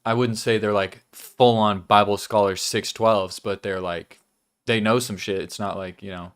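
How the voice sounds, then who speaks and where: A man's voice: lowish voice, steady tone, moderate pace, a bit bright, clean tone. A young man hosting a casual weekly vlog, chatting loosely about his life while chewing gum and swearing now and then. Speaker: vlog host.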